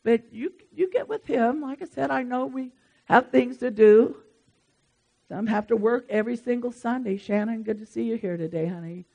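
A pastor, preaching a sermon in a lively, emphatic way and speaking straight to the congregation. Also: mid-range voice.

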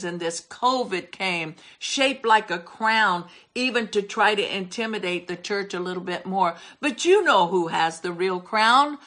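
A woman's voice: medium pitch, fairly bright tone. An older woman preaching a sermon, emphatic and repetitive as she drives her points home. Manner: emphatic, repeats words for stress.

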